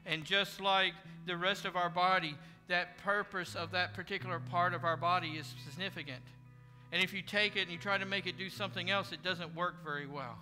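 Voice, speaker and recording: An earnest male pastor delivers a sermon in a fairly high voice, acting out the prayers and conversations he imagines. His words ring through a reverberant church hall. Guitar music plays clearly behind him. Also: fairly even intonation, brisk, pushed and bright. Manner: earnest, preacherly, voicing imagined prayers and speeches. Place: church sanctuary.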